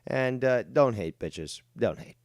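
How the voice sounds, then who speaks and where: Man co-host, teasing crude banter, middle pitch, dry close audio. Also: animated, slow, darkish tone, dry recording. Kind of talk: casual banter.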